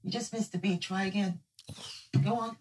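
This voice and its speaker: A woman's voice: mid-range voice, fairly even intonation, moderate pace, darkish tone, distant mic, a little hiss or hum, poor audio. A woman guest on live TV, firmly correcting how her name is said. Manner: firm, corrective. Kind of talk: live TV exchange.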